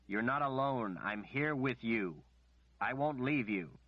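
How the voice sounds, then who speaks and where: A desperate young man in an audiobook, voiced by a deep-voiced male narrator. He pleads with urgent, insistent repetition, sometimes steadying into a low, measured calm. The recording sounds dry and slightly muffled. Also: no echo. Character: desperate young man calling a woman back.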